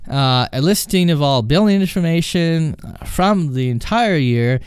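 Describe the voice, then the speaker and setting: A man's voice: fairly high pitch, animated, measured pace, clear, resonant tone, dry recording. A Canadian man hosting a podcast, casually telling call-centre stories and acting out the quoted phone calls. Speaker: podcast host and former call-centre agent. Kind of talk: casual storytelling.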